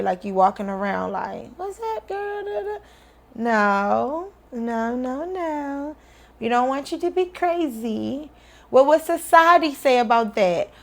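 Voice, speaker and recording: Energetic fired-up woman meditation teacher. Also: fairly high pitch, gravelly. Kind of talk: casual direct-to-camera vlog. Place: indoors after the gym.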